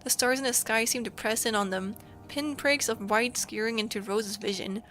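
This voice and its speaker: A woman from Germany, a streamer reading a story game aloud with expressive, emotional storytelling. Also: on the high side, moderate pace.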